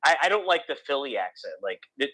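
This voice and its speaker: A man's voice: medium pitch, very animated, fast talker, sharp tone, rough recording. A man from the US East Coast with a slight Philadelphia accent, co-hosting a casual podcast chat with frequent restarts. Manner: rambling, restarts often, opinionated. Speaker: podcast co-host.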